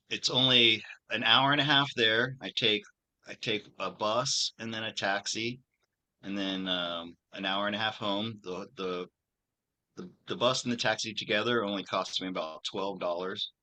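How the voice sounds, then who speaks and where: A man hosting his tarot channel, chatting casually on a video call and rambling through a story with many pauses and restarts. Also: on the low side, sharp tone. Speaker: channel host and tarot reader.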